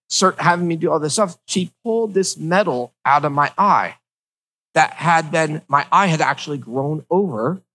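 A man's voice: high-pitched, a bit bright, breathy edge, poor audio. A man telling a personal story to his viewers in a casual, rambling way, with lots of fillers and wry asides.

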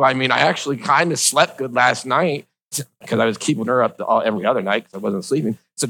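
A man's voice: medium pitch, quick pace, pushed and bright, poor audio. A middle-aged man with slightly slurred speech, telling a personal story in a casual, joking, rambling way.

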